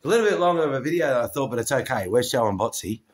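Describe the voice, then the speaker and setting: A man's voice: medium pitch, lively intonation, rapid-fire. A man filming a home pet vlog, chatting casually and cooing to his dog in a playful sing-song voice. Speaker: pet vlogger.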